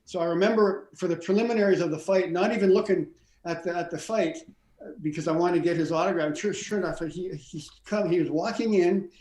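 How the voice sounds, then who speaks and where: A middle-aged man with a notably high voice spins long, animated anecdotes, tripping over restarts as he goes. He sounds like a guest on a video call, his voice carrying a roomy echo. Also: a little fast. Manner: rambling, animated, many restarts and stammers. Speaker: stunt coordinator and actor, interview guest. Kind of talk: casual storytelling interview.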